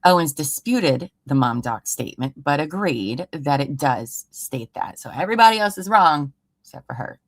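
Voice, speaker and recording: A woman with a low, deep voice reads an investigative report aloud to her stream audience. She breaks off into sarcastic, exasperated asides. The sound is close and dry, with no room echo. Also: animated, moderate pace. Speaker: true crime livestream host. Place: home room.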